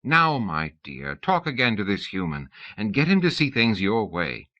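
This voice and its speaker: A man voicing a cunning old male god who coaxes in a smooth, persuasive way. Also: lowish voice, huge pitch swings, normal speed, no echo. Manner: coaxing, persuasive. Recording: dull lo-fi audiobook tape.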